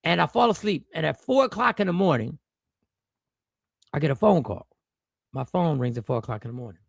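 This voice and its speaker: A man's voice: a little high, expressive, a little fast, gravelly, no room sound, clean studio sound. A man, a stand-up comedian, telling a personal story to viewers in a loose, rambling way with slang and restarts. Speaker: stand-up comedian and stream host.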